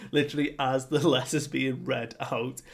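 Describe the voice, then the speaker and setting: A man's voice: medium pitch, level tone, slow, gravelly, darkish tone. A young man chatting casually through a comic chapter recap, full of fillers and acted-out quotes. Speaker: anime and manga reviewer.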